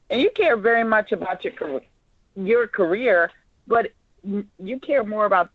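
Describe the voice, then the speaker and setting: A director giving casual rehearsal notes to actors, animated and repeating lines to show how they should sound. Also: mid-range voice, dry recording. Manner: animated, acts out lines mid-explanation. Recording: dull, dry lo-fi audio.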